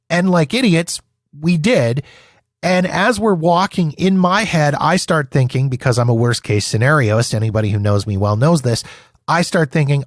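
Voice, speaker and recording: A man hosting an interview, telling stories in a relaxed, self-deprecating way. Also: mid-range voice, normal speed, no echo, clean studio sound. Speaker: podcast host. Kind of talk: conversational interview.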